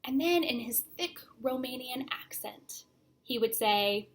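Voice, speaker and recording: A young adult woman pastor giving a sermon, speaking slowly and deliberately and letting her phrases fade to a near-whisper. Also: sits high, animated. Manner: slow, deliberate delivery that trails off to a near-whisper at phrase ends.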